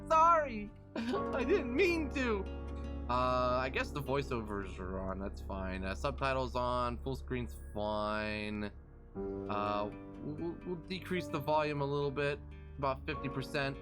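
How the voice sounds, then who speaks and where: Young male streamer; playful, chatty, talks straight to his chat; bright, animated voice. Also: medium pitch. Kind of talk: live game stream commentary.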